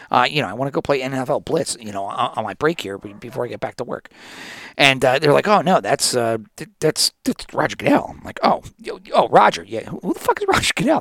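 A man's voice: mid-range voice, sing-song, fast, fairly bright tone, no room sound, clean studio sound. A man in his forties hosting a sports podcast, rambling and swearing freely with many restarts in a casual monologue. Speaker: podcast host.

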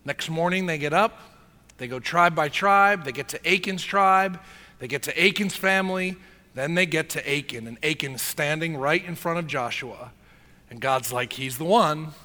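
Male pastor, high bright voice, animated casual sermon storytelling. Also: normal speed. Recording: long hall reverb.

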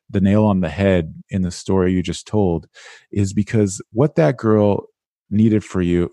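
A man being interviewed as an education guest, talking in a casual, animated way with lots of "like". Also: low voice, no echo. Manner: animated, casual, with many "like" fillers. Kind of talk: conversational interview.

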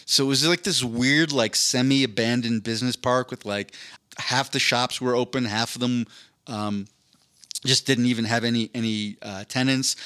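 A man's voice: mid-range voice, sharp tone. A man in his thirties, a podcast co-host rambling casually through a long story, with lots of asides. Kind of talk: casual chat.

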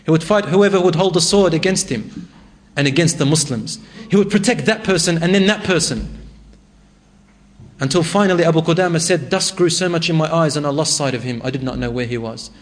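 A man's voice: on the high side, fairly quick. A man preaching a sermon, reciting Arabic verses and retelling a story with rising emotion.

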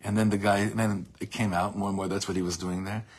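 A man giving an informal Torah class, telling stories with animated delivery. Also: on the low side, quick pace, slightly rough. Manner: animated storytelling, acts out shouted quotes. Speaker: Torah teacher.

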